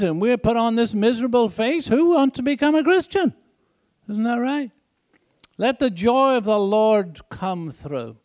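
A man's voice: very high-pitched, no echo. An older man with a foreign accent preaching a sermon in a folksy way, chuckling now and then and asking the crowd "isn't that right?".

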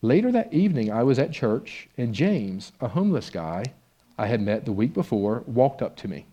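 A man's voice: medium pitch, sing-song, moderate pace, warm tone, slightly rough, highs cut off. A man preaching a conversational sermon and reading a story aloud from a book with expression. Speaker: pastor.

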